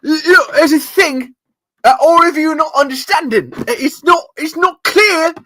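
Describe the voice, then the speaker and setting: A man voicing a middle-aged TV lie-detector character, shouting accusations in a high, strained voice. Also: unhurried, no echo, exaggerated voice. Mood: accusing.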